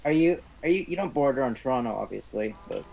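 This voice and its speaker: A man on a group voice call, asking quick curious questions. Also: medium pitch, lively intonation, vocal fry, a little mellow, poor audio. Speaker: podcast participant. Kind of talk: casual group call chat.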